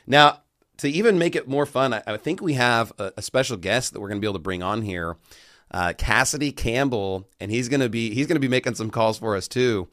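A man's voice: medium pitch, a little fast, fairly bright tone, no echo, clean studio sound. A man hosting a casual chat, talkative and laughing, with stammering restarts. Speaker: show host.

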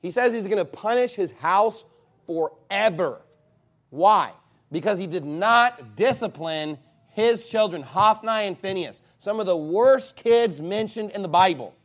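Preaching to his flock a little slowly, this animated pastor has a fairly high voice that swings widely in pitch. His sermon is emphatic, punctuated by occasional loud outbursts.

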